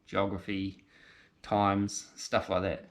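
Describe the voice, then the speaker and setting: Deep-voiced and slow, this man delivers his words completely flat. He's a New Zealand-accented car restoration channel host in a casual garage vlog, thinking aloud and self-correcting as he works, captured by a handheld camera mic.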